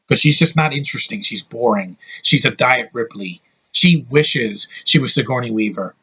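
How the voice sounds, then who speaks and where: A man's voice: medium pitch, animated, normal speed, a bit bright, breathy edge. A man reviewing a movie in a heated, profane rant, blunt and scornful throughout.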